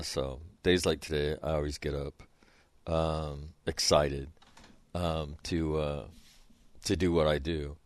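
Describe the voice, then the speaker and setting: A middle-aged man with an extremely low-pitched voice hosts a podcast, telling a relaxed story packed with fillers and restarts and laughing along at himself. It's a dry recording.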